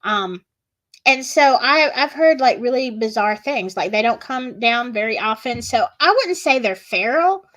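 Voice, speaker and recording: Slow, chatty Southern woman streamer. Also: a little high, lively intonation, fairly bright tone. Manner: chatty, gossipy, reads chat aloud. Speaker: livestream host. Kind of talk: casual livestream chat.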